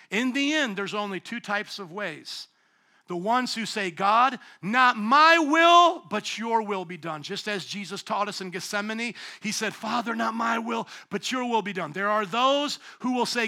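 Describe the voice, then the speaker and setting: Pastor guy preaching, high bright voice, goes quiet then loud, gets the crowd to answer back. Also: vocal fry. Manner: emphatic, swings from hushed to loud preaching; call-and-response with congregation. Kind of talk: sermon.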